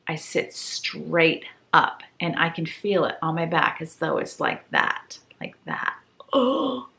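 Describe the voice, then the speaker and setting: A woman from tells a home story in a relaxed vlog. Her voice sits on the lower side for a woman. She slips into the voices of the people she quotes and sounds a little tired. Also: slow, gravelly. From Maine. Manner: animated storyteller who acts out quoted voices. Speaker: home declutter vlogger.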